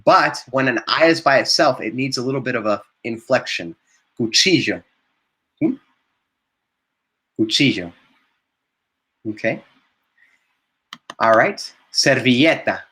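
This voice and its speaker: A man's voice: mid-range voice, lively intonation, normal speed, sharp tone. A man teaching a live online Spanish class, modelling vocabulary and praising students with frequent encouragement.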